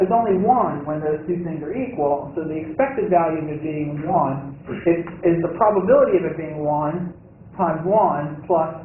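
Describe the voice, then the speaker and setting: Echoey, far-off male lecturer, halting. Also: on the high side, narrow, tinny audio. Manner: halting, thinks aloud with many fillers and restarts; checks in with the class with frequent "right?" and "okay?". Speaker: university lecturer. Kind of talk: classroom lecture. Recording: echoey lecture hall recording, far off and thin.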